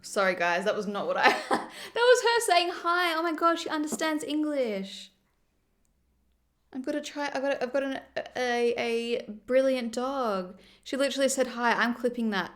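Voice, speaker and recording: A woman chatting casually on a livestream, animated and quick to laugh. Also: sits high. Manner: chatty, giggly, animated storyteller.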